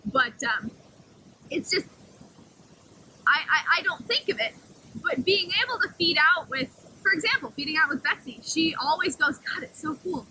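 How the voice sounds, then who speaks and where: A woman's voice: lively intonation, normal speed, pauses often, bright, forceful tone, a little hiss or hum, low-quality recording. A woman working as a wolf caretaker, talking enthusiastically to the camera outdoors beside the wolf pens. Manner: enthusiastic, talks to the wolves in a high sing-song voice. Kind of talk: casual outdoor explanation to camera.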